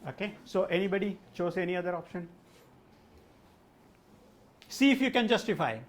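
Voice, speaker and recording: A man's voice: high-pitched, lively intonation, moderate pace, slight background noise. A man teaching an English test class, explaining answers with lots of "like" and "okay". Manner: addresses a class with questions. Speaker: language test trainer. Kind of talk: live classroom lesson.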